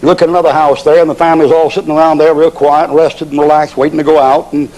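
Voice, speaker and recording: A preacher with a fairly high voice who tells his sermon like a folksy yarn, drawling and joking. He shifts between plain storytelling and pointed questions to the congregation. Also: little pitch movement, quick pace, a little mellow, rough recording.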